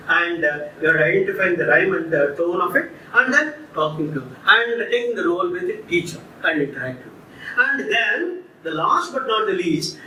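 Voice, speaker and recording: Guy lecturing a class, high bright voice, lots of uh and repeats, echoey room a bit far off. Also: slight background noise. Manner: explains slowly with repetitions and many fillers. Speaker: English teacher. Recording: echoey room from some distance.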